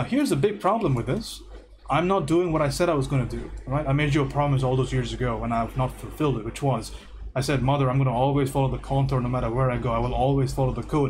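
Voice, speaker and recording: A man's voice: medium pitch, slight background noise. A man giving a casual, joking live painting lesson, often checking in with "right?". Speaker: art instructor.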